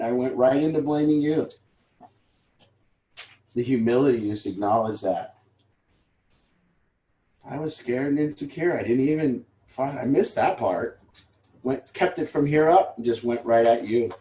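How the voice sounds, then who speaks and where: A man's voice: medium pitch, a little slow, pauses often, warm tone. Candid swearing man in an echoey room. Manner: candid, rambling, swears casually. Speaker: recovery group leader. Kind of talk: informal talk to a support group. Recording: roomy echo.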